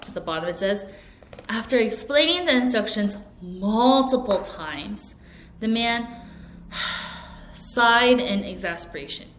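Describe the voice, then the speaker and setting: A woman's voice: mid-range voice, expressive, unhurried, a bit bright, echoey room, a little hiss or hum. A woman teacher giving an English vocabulary lesson, who explains each word and has learners repeat sentences after her.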